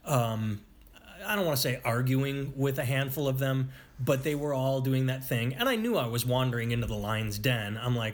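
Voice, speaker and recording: A man's voice: medium pitch, normal speed. A man in a casual political chat who sounds frustrated and rambles, breaking off and restarting his sentences.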